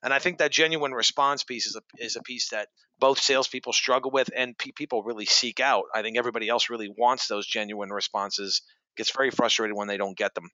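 A man's voice: mid-range voice, fairly even intonation, a little fast, pushed and bright, dry recording. Man, podcast host, anecdotal chatty delivery, dull dry recording. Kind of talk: casual conversational interview.

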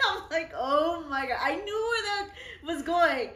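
Brash young woman co-host, higher voice, cussing through a funny story; roomy, off-mic sound. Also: lively intonation, a little slow, slight background noise. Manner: loud, profane storyteller, bursts of laughter. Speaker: podcast co-host. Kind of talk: casual chat. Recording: echoey room, mic at a distance.

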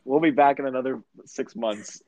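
A man's voice: medium pitch, moderate pace, darkish tone, dry recording. A young man co-hosting a podcast in casual chat, chiming in with short, dry teasing remarks. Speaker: podcast co-host.

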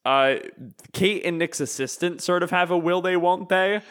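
A man's voice: high voice, moderate pace, fairly bright tone, clean tone. A man co-hosting a podcast, rambling casually as he retells movie scenes with plenty of fillers. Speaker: podcast co-host. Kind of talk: casual chat.

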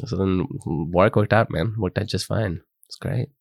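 A man in his twenties from India with an Indian accent, telling animated stories in a casual chat among friends and laughing often. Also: sits low, normal speed, gravelly, no echo, clean studio sound.

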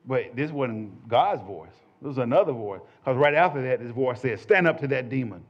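A man's voice: medium pitch, normal speed. Folksy man telling a testimony. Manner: conversational, folksy, animated storytelling. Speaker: church minister giving a testimony. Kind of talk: storytelling testimony to a small group. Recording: dull lo-fi audio.

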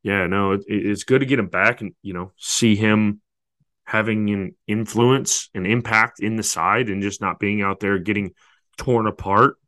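A man co-hosting a casual football podcast, speaking haltingly with frequent restarts. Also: lowish voice, steady tone, fairly bright tone, no echo. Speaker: podcast co-host.

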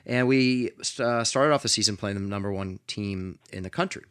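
A middle-aged man hosting an interview and telling a story in an earnest, animated way, with frequent restarts. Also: lowish voice, moderate pace, smooth, no echo, clean studio sound. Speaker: podcast host.

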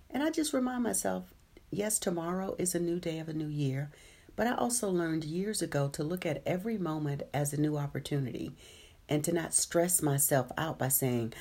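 A woman's voice: low voice, expressive, normal speed, warm tone. A woman hosting a live meditation stream, talking casually and reacting to viewers' comments with easy laughter.

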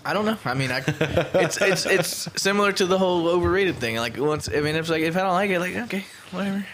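A man in casual podcast chat, cursing often and rambling as he gets excited. His voice is bright and forceful and a touch high, with a faint hiss underneath. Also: quick pace. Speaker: podcast co-host.

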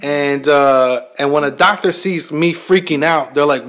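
A man's voice: a little high, fairly even intonation, unhurried, fairly bright tone. A man telling a personal story in a casual, heavily profane, self-mocking monologue to his listeners. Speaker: military veteran host.

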